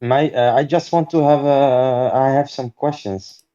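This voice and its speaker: Hesitant guy calling into a stream, dark voice, muffled lo-fi line. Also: medium pitch, unhurried. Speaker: caller on a live stream.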